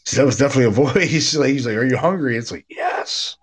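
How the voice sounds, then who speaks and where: A man's voice: mid-range voice, very fast, breathy edge. A man hosting a podcast, telling ghost stories in a laid-back, casual way, with a stuffy nose and lots of "man" and "dude.". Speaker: podcast host, paranormal investigator. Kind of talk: casual chat.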